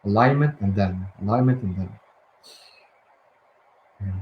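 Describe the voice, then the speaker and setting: A man of middle pitch guides listeners through slow breaths and affirmations, his voice soft and unhurried with gentle pauses and restarts. The sound rings a little in an echoey room, with a faint ambient hiss behind him. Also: steady tone, muffled recording. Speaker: guided release teacher.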